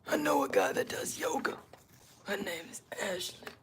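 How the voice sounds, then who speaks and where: A woman's voice: medium pitch, expressive, moderate pace, close to an everyday voice. A woman putting on an accented persona for a whispered role-play tool demonstration, playful and step-by-step. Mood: playful demo. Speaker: craft demonstrator.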